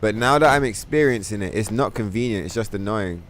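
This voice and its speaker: A man's voice: lowish voice, brisk, a bit bright, a little hiss or hum. A man streaming a game, ranting in a casual, profane, exasperated way and mocking others in put-on voices. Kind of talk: casual gaming stream rant.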